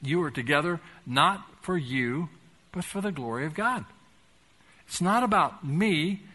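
A man's voice: on the high side, expressive, unhurried, pushed and bright. A man preaching a sermon as pastor, talking in a conversational, folksy way with touches of humor and building to fervent emphasis.

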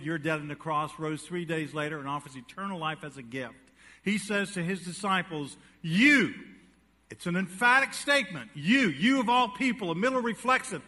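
A man's high voice, pushed and bright, rings out with a long reverb tail as he preaches to his church in the sanctuary. He tells folksy jokes first, then shifts to emphatic preaching and questions for the congregation.

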